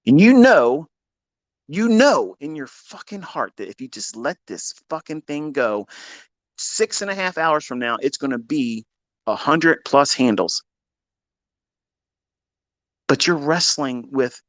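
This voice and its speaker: A man giving a blunt, profane trading lecture, hammering points with repetition and swinging between loud bursts and low asides. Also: big pitch swings, unhurried, dry recording. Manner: blunt, heavy swearing, emphatic repetition. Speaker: trading educator.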